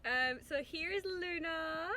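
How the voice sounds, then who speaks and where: A woman's voice: very high voice, takes it slowly, pushed and bright, slight background noise. A woman talking casually to camera in a vlog, chatty and laughing often, cooing at her dog. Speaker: vlogger.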